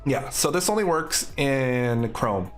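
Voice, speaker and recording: A man narrates his own coding session on a live stream, thinking aloud as he goes. His talk is casual and upbeat, at an unhurried pace and a middle pitch, with faint music underneath. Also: lively intonation.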